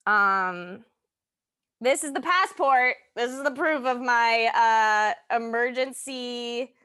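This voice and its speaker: A woman co-hosting a podcast in casual chat, giggly and animated, trailing off with fillers. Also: a little high, takes it slowly, clean tone, no room sound, clean studio sound. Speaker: podcast co-host.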